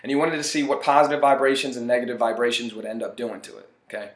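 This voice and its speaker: A man's voice: mid-range voice, level tone, fast. Earnest man with a roomy echo. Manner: earnest, repeats phrases for emphasis. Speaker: motivational speaker. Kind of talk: motivational monologue.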